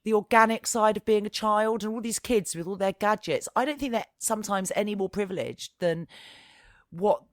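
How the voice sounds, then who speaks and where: A woman's voice: mid-range voice, normal speed, no room sound, studio quality. A woman in her forties from London with a Southern English accent, telling a rambling story as a podcast co-host. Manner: rambling, animated, laughing storyteller. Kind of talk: casual chat.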